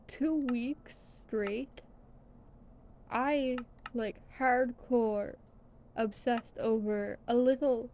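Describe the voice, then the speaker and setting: A young woman rambling casually in a vlog, tired and yawning, swearing now and then. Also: a little high. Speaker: vlogger. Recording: dull lo-fi sound with faint background noise.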